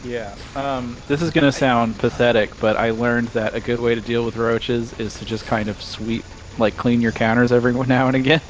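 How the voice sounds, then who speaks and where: A man's voice: medium pitch, little pitch movement, moderate pace, hardly any pauses, a little hiss or hum. Rambling young man telling stories. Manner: rambling storyteller, laughs mid-sentence. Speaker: podcast co-host. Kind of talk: casual chat on a gaming stream.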